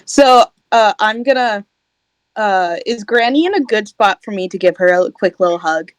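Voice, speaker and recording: A woman player describes her character's actions in a casual, halting way. The recording is close and dry, with no room sound. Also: mid-range voice, animated, clean tone, dry recording. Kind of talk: tabletop role-play narration.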